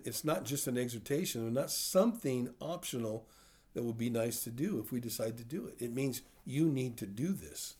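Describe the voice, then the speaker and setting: An older man giving a sermon to a small group, talking in a plain, middle-pitched voice. He teaches conversationally and keeps checking in with questions for his listeners. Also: a little mellow. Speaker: pastor.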